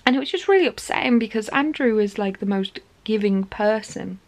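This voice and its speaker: A woman's voice: medium pitch, a little fast. Chatty woman vlogger. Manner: chatty, animated retelling with frequent laughs. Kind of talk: casual storytelling to camera.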